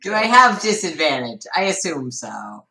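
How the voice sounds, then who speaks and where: A woman playing a tabletop game, talking with a dry, deadpan delivery. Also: deep voice, normal speed, rough recording. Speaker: player.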